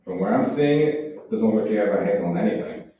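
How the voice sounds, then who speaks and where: A man acting a concerned district attorney husband in a live sketch, pressing his wife with gentle questions. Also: fairly low pitch, animated, fast, muffled recording, lightly acted. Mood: probing. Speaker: actor in a stage sketch. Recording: echoey room, mic far off, faint noise.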